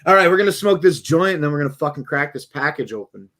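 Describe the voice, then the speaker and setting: A man's voice: fairly high pitch, expressive, fast, fairly bright tone. A man hosting a casual livestream at home, joking and swearing loosely. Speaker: livestream host.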